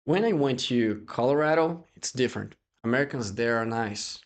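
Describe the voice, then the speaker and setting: A man's voice: medium pitch, normal speed. A young Brazilian man with a Brazilian Portuguese accent, a guest chatting casually in English and acting out voices in his stories. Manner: animated storyteller who acts out quoted voices. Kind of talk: casual interview chat in English.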